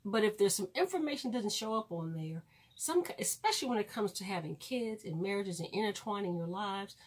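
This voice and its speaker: A woman's voice: medium pitch, expressive, a little fast, background noise. A woman ranting on her vlog, blunt and preachy, swearing freely and repeating lines for emphasis. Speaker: vlogger.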